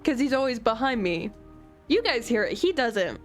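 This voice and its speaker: A woman's voice: fairly high pitch, big pitch swings, moderate pace, faint music behind. A woman streaming a story game, reading out the characters in turn and chatting between lines.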